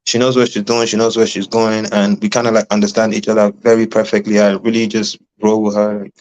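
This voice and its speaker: Rambling man in a relaxed interview. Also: on the low side, brisk, low-quality recording. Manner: loose and rambling, full of "like" and "you know". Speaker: guest. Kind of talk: casual interview chat.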